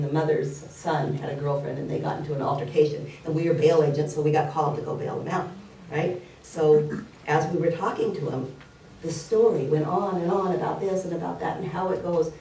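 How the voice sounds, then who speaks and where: A woman's voice: sits low, warm tone. A woman giving a spiritual talk, telling stories earnestly and repeating key phrases. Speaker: spiritual speaker. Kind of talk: sermon. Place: church hall. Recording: roomy hall, mic at a distance.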